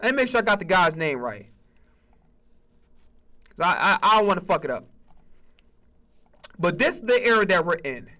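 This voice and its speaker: A man hosting a sports stream who rants heatedly, cursing constantly and tripping over repeated words. His voice sits very high and sounds bright and sharp. His pitch leaps up and down as he argues. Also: big pitch swings, normal speed, long pauses. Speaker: sports streamer and podcast host. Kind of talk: profane sports rant.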